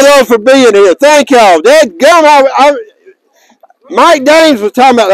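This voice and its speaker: High-pitched man, folksy tournament director, projecting to players outdoors. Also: animated, a little slow, no room sound, low-quality recording. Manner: folksy and joking, raises his voice to carry. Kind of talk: outdoor announcement to a crowd. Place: outdoors in a park.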